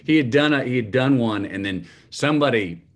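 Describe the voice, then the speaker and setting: A man in his fifties, a guest telling an anecdote in an animated way and laughing along with it. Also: medium pitch, brisk. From Texas. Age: 50s. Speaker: guest, memoir author. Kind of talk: anecdotal storytelling.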